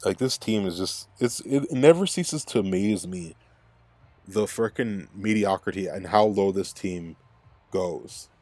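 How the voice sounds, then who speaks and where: A man's voice: low-pitched, a little slow, darkish tone, dry recording. A man hosting a fan recap podcast, ranting in an angry, profane, rambling way. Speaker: podcast host.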